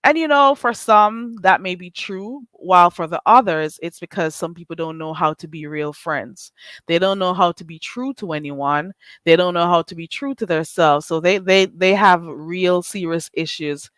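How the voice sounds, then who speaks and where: A woman's voice: fairly low pitch, moderate pace, fairly bright tone, clean tone, no echo. A middle-aged woman, hosting a casual live stream, teasing and sarcastic as she greets her chat and laughs often.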